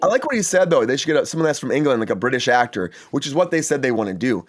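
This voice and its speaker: A man's voice: mid-range voice, big pitch swings, racing. A man hosting a casual entertainment news chat, talking in a chatty, enthusiastic way with many fillers and asides. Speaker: host.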